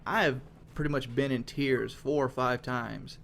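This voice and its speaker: A man's voice: medium pitch, steady tone, a little slow, creaky, fairly bright tone, a little hiss or hum. A man giving a casual monologue as a gaming commentator, frank and rambling, with casual swearing.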